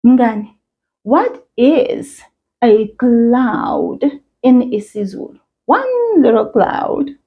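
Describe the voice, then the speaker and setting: A woman teaching a children's language lesson, encouraging and sing-song, speaking slowly and clearly. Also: a little high, huge pitch swings, muffled recording. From South Africa.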